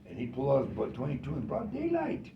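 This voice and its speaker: A man telling family stories in an animated way, laughing and acting out what others said. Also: mid-range voice, quick pace, a crowd in the background. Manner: animated, laughing, acts out quotes. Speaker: storyteller. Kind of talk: family storytelling. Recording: far, echoey, muffled and noisy.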